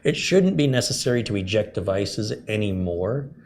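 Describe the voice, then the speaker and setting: During a live tech stream, a man chats with viewers, reads their questions out, and explains fixes one step at a time. He has a lowish, darkish voice and sounds animated at a normal speed, with a little background noise.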